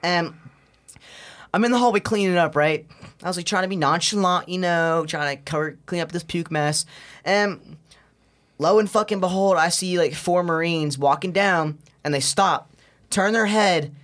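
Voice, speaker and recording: A young man tells a rowdy story as a podcast guest, his voice sitting a little high. He swears freely, laughs at his own tale and drops "bro" into nearly every sentence. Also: normal speed, a bit bright. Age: young adult. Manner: profane, slangy, keeps saying "bro". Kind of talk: casual storytelling.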